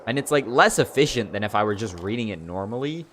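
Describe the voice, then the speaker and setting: Rambling young man, lowish voice. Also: lively intonation, quick pace, a bit bright, slight background noise. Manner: rambling, full of "like" and "you know". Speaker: streamer. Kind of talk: casual livestream chat.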